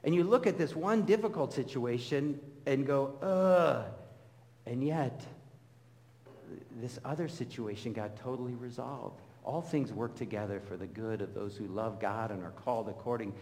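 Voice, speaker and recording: Long hall reverb surrounds a middle-aged pastor speaking at medium pitch and a moderate pace. His sermon is animated storytelling, and he performs the voices of those he quotes.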